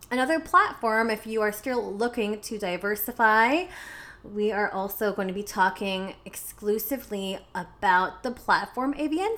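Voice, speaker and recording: A woman's voice: medium pitch, fairly bright tone. A woman from Canada hosting a podcast, chatting casually and laughing often. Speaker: podcast host.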